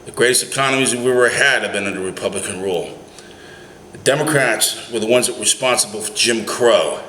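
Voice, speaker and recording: A man's voice: mid-range voice, a little fast, pushed and bright, a little hiss or hum. A man who drives a cab, giving a heated, emphatic political rant full of rhetorical questions. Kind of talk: opinionated political rant vlog. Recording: echoey room, faint ambience.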